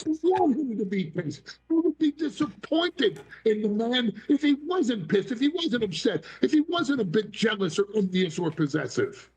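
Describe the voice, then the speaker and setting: Middle-aged guy, big theatrical storyteller, high gravelly voice that swings all over. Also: very animated, normal speed, few pauses, darkish tone, poor audio. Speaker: wrestling personality, guest. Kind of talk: animated interview talk.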